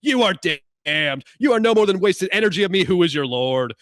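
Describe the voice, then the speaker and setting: A man voicing a cold, admonishing male god who yells commands. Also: high voice, lively intonation, fairly quick, no room sound, studio quality, pitched above the performer's own voice. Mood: threatening. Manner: yelling, commanding.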